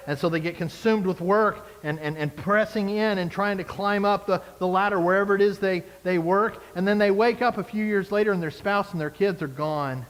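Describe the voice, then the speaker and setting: A man preaching a sermon as a pastor, animated, acting out the people he quotes. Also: high voice, a little fast, few pauses, big-room sound.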